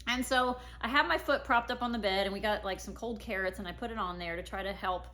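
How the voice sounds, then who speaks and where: A woman's voice: mid-range voice, quick pace, bright, forceful tone. A woman in her thirties casually telling a personal family story, acting out her own past words.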